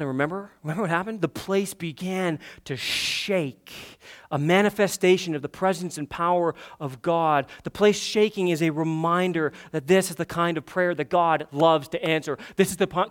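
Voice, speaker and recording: Man, pastor, sermon, fairly high voice, impassioned, emphatic, rhetorical questions. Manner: impassioned, rising to emphatic peaks.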